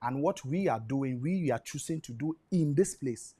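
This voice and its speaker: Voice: medium pitch, animated, normal speed, dark tone, husky. A guest explaining spiritual ideas patiently, often checking that the listener follows. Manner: patient teaching, checks understanding. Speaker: studio guest.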